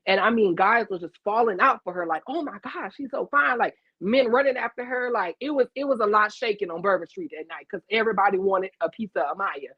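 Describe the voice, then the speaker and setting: A woman's voice: medium pitch, fast talker, few pauses, breathy edge, dry recording. A woman with a Louisiana accent telling a story on a video call, acting out the dialogue. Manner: animated, acts out quoted dialogue. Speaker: interview guest. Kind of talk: casual storytelling. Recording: dull lo-fi video call audio.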